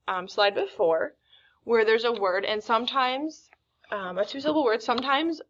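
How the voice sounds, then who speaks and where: A woman teaching a recorded phonics lesson, reading words slowly and deliberately. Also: mid-range voice, vocal fry, sharp tone, lo-fi sound. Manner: slow, deliberate word-by-word reading.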